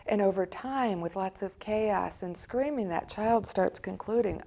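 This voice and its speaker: An American woman speaking as a church counselor, giving an animated teaching talk and acting out quoted voices of children and parents. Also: medium pitch, a little slow. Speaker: church director of community, counselor.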